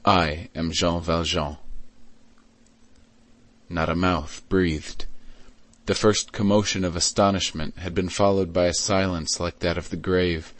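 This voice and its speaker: A man reading a classic novel aloud as an audiobook in a measured, even way. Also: deep voice, no room sound. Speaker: audiobook reader. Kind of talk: scripted narration.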